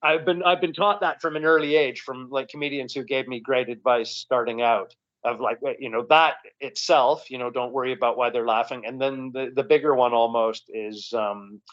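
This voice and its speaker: A man with a Canadian accent, a comedian chatting as a guest in an interview, rambling and relaxed with frequent restarts. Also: mid-range voice, moderate pace. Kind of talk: casual interview chat. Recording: dull lo-fi recording.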